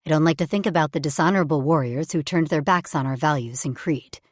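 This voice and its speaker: A big male alien warrior, gruff yet tender, with a low growl in his voice, as a woman reads him. He teases softly and speaks with quiet weight, recorded close and dry with no room around him. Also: fast talker, no echo. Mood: earnest. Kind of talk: audiobook character voice.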